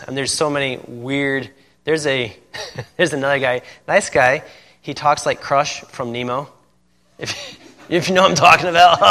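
A man's voice: medium pitch, sharp tone. A man, a missionary, talking casually to a group and laughing often between his sentences.

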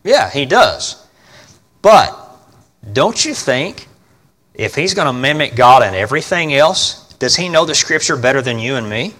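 A man preaching a sermon in a folksy, emphatic way, often asking his congregation questions and swinging between loud and quiet delivery. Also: mid-range voice, very animated, measured pace. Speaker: pastor. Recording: long reverb of a large hall.

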